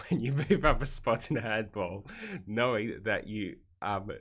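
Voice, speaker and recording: Aussie guy rambling thru memes, dry jokey asides, kinda low voice. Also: measured pace. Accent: Australian. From Australia. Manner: wry, rambling, joking asides. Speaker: streamer. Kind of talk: casual commentary reacting to memes.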